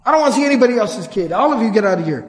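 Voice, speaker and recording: A man voicing a panicky, angry male fortune teller who shouts after a child, recorded in a reverberant hall. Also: high voice, very animated, racing. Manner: frantic, raised calls.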